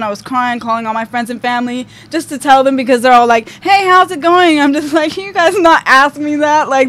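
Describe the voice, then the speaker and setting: A young woman guest on a podcast, telling a story casually with lots of "like" and "um". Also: fairly high pitch. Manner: chatty, full of fillers like "like" and "um". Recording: faint background noise.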